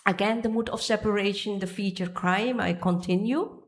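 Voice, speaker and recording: A woman's voice: mid-range voice, steady tone, normal speed. Woman giving a devotional temple lecture. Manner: searching for pages, restarting phrases. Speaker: speaker giving a temple class. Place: temple hall.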